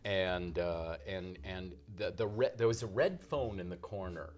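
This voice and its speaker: A man, a guest author, telling an anecdote in a lively, animated way, acting out the quotes. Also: deep voice, a little slow.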